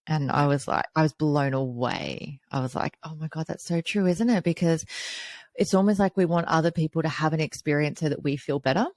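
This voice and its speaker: A woman's voice: low voice, brisk, a little mellow, no room sound. A woman hosting a podcast interview, telling personal stories in a chatty way full of "you know" fillers. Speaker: podcast host. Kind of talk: conversational interview.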